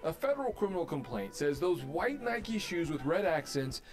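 Male news reporter, formal scripted delivery, lively pitch, faint music under a broadcast clip. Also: normal speed.

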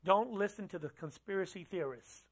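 A pastor preaches a sermon in a church at a moderate pace and medium pitch. The talk is conversational, with questions to the audience and phrases repeated for emphasis.

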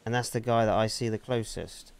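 A man's voice: lowish voice, steady tone, a little fast, gravelly, darkish tone, clean tone. A man in an in-character roleplay argument, aggrieved and defensive, swearing often. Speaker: roleplay streamer.

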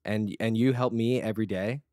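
A man's voice: lowish voice, steady tone, brisk, dark tone, dry recording, clean studio sound. A man co-hosting a podcast, chatting casually and earnestly, rambling with lots of fillers. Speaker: podcast co-host. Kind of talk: casual chat.

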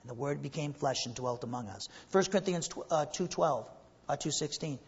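A man's voice: on the high side, lively intonation, brisk, slightly rough. A man preaching a sermon as pastor, earnest and emphatic, asking rhetorical questions and pressing his points home. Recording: muffled recording with long hall reverb.

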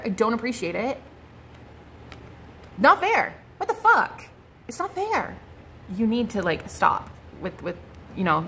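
A woman's voice: mid-range voice, a little hiss or hum. Blunt, salty woman reading tarot. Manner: blunt, swearing, animated. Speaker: psychic tarot reader.

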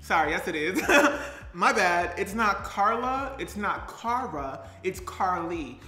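Guy putting on a high perky baker girl, tired but chatty, giggly, roomy echo. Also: lively intonation, slow, bright, forceful tone, slight background noise, full character voice. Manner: chatty, giggly, reads viewer comments aloud. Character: tired chatty young woman baker from a fall town. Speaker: live streamer. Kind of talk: character live stream comedy. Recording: roomy echo, faint music.

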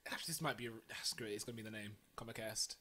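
A man's voice: fairly low pitch, very fast, pushed and bright, slight background noise. A young British man hosting a casual comics podcast, chatty, with stumbling restarts. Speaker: podcast host. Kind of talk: casual chat.

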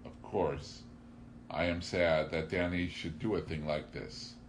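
A man voicing a crafty vagabond who speaks gently and politely, playing innocent. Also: low voice, steady tone, a little slow, a little hiss or hum. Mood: mock-innocent.

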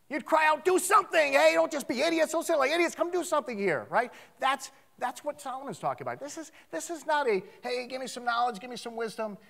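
A man preaching a sermon in a church, animated, swinging from loud outcries to hushed asides. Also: high-pitched. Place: church sanctuary.

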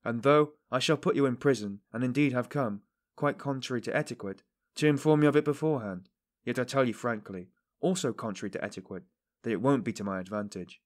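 A man's voice: medium pitch, fairly quick, natural voice. A man reading a shrewd, probing investigator. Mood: animated. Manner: insistent, animated, rising to emphasis. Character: shrewd middle-aged male investigator, probing. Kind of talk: audiobook character reading.

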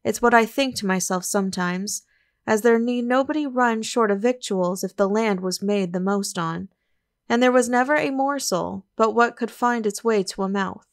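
A woman's voice: fairly high pitch, moderate pace, lightly acted. A woman voicing an eager, obliging young male gardener with earnest rustic dialect talk in an audiobook reading.

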